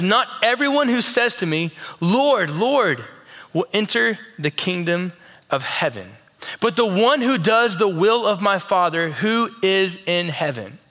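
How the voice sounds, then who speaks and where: A male pastor preaching a sermon, swinging between impassioned, emphatic peaks and a soft, close, confiding tone. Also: fairly high pitch. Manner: drops to soft, intimate tone for Jesus' warnings.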